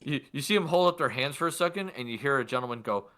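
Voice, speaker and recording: A man's voice: mid-range voice, lively intonation, fast talker, very noisy. A man narrating as game master in loose narration full of fillers.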